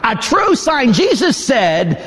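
A man, a Catholic priest, telling a story in a sermon, swinging between hushed asides and excited exclamations. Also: very high-pitched, takes it slowly, breathy edge, long reverb tail.

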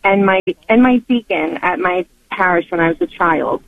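A woman calling in to a radio show, speaking hesitantly with frequent pauses and fillers. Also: on the low side, vocal fry, no echo. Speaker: caller. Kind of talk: call-in radio chat. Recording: tinny phone line.

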